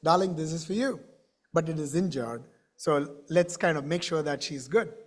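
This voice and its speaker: A man's voice: fairly high pitch, normal speed, voice pushed down, natural voice. A man doing a kindly travelling fruit trader. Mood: gentle. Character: kindly middle-aged male dried-fruit trader.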